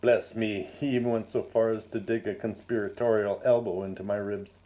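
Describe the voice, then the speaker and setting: A man narrates a first-person tale in a low, mellow voice. His delivery is measured and formal, with a dry wry edge to it. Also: steady tone. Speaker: narrator reading his story.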